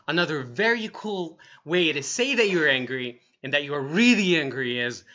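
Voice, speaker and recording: A young man teaching English phrases for feelings in an upbeat way, repeating each phrase slowly and acting the emotion out. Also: a little high, big pitch swings, bright, forceful tone, highs cut off. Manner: upbeat, acts out each feeling in slow demonstrations. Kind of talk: lively language lesson. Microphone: wearing earphones on camera.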